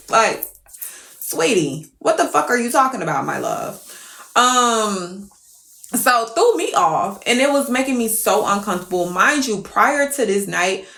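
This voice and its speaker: A woman's voice: a little high, slow pace, vocal fry. Woman doing storytime on a live, voice jumps all over, roomy echo. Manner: animated, profane, laughing asides to viewers. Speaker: livestreamer telling a story. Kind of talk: casual storytime on a live stream.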